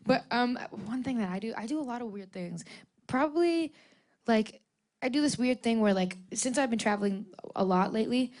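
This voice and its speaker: A young woman being interviewed as a guest singer in a casual radio studio chat, telling animated stories and laughing often. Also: on the high side, fairly quick. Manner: giggly, animated storytelling with frequent laughs.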